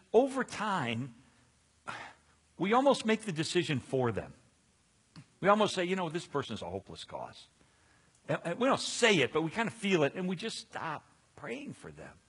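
A man's voice: on the high side, husky. A middle-aged man preaching a sermon, telling stories and acting out the voices of people in them, with frequent restarts. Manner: animated, acts out quoted voices, restarts often. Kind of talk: sermon storytelling.

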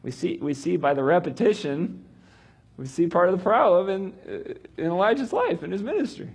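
Husky, animated Bible teacher man. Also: sits high, moderate pace. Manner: conversational, acts out quotes. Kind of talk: animated teaching on reading Scripture.

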